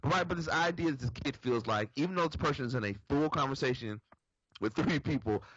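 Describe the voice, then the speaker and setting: A man's voice: medium pitch, fast, breathy edge, dry recording. A man co-hosting a casual talk show, telling a story at an easy pace. His voice is dry, with no room sound, and slightly muffled. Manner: relaxed storytelling. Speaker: podcast co-host. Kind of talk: casual chat.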